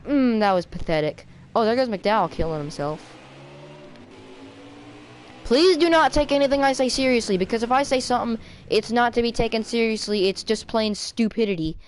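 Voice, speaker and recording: A woman giving rambling, self-mocking commentary while playing a racing game, with sudden excited outbursts. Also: on the high side, normal speed, faint music behind, rough recording. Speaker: gaming video creator. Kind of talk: rambling let's-play commentary.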